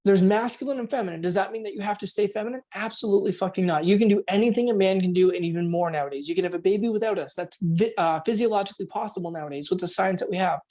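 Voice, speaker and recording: A man, a performance coach, talking casually on a podcast from home at night, keeping his voice a bit quiet as he acts out quoted inner voices and swears now and then. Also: high-pitched.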